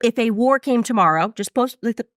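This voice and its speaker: Quick, chatty female interviewer, casual and conversational. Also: a little high, animated, fairly bright tone, dry recording, studio quality. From United States. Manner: fast and chatty, many "like" fillers, quotes people in her own voice.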